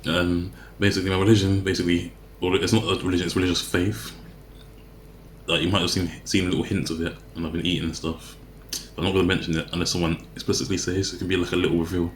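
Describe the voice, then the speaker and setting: A man's voice: sits low, flat delivery, quick pace, reverberant, slight background noise. A man vlogging in a casual, rambling way, often correcting himself mid-sentence as he talks to the camera. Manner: rambling, self-correcting, chatty. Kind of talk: casual talk to camera while eating.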